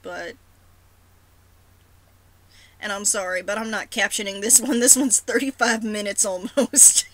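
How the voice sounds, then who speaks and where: A woman's voice: medium pitch, a bit bright, poor audio. A woman with a sore throat talking casually to her followers in a rambling, self-deprecating way. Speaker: roleplay blogger. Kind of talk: casual vlog talk.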